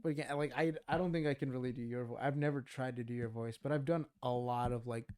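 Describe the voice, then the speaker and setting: Young man, casual chat host, rambling storyteller, smooth clear voice, swears a lot. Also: medium pitch, quick pace. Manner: rambling, animated storytelling with profanity. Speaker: podcast host.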